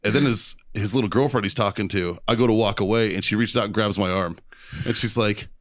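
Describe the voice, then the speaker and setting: A man co-hosting a podcast, telling a profane, animated story and acting out shouted quotes. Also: on the low side, brisk, no room sound, clean studio sound. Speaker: podcast co-host. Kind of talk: casual storytelling chat.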